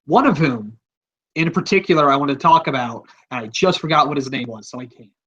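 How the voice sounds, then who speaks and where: A man's voice: mid-range voice, fairly quick, fairly bright tone, breathy edge, lo-fi sound. A man hosting a podcast, talking in a rambling, offhand, casual way and swearing freely. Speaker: podcast host.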